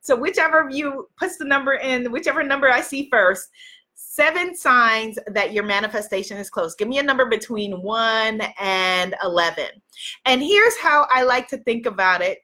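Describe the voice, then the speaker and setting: Bubbly high-voiced woman reading cards. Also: moderate pace, sharp tone. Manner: effusive, chatty, greets viewers by name. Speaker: live stream host reading oracle cards. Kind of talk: casual live stream card reading.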